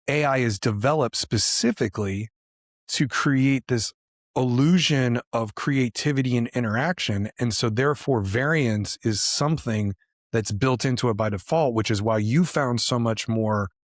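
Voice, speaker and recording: A man's voice: medium pitch, normal speed, no room sound, studio quality. Conversational man co-hosting a podcast. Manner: conversational, asks questions and reacts. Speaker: podcast co-host. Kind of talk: casual podcast chat.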